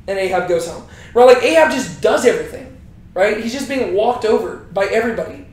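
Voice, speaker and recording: A man's voice: high-pitched, quick pace. A young man teaching a casual Bible lesson in a chatty way, tagging lines with "right?". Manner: chatty, keeps asking right?. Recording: very echoey room.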